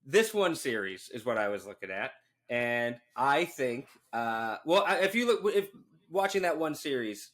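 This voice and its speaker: Bright-voiced profane podcast guy. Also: mid-range voice. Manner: profane, animated, laughs a lot. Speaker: podcast co-host. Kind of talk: casual chat.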